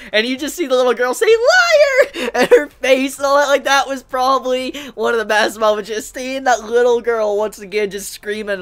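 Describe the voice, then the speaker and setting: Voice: medium pitch, fairly bright tone. An anime reviewer giving a casual spoken episode review, swearing often and laughing while talking.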